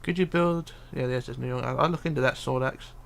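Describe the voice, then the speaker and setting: A man's voice: mid-range voice, quick pace, creaky. A man streaming live, reading viewer comments aloud and muttering to himself as he builds, with hesitant fillers. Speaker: livestreamer. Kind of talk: casual live stream chat while building.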